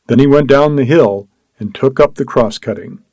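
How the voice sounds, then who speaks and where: A man narrating a story as an audiobook, in a measured, steady reading. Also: medium pitch, dry recording, poor audio.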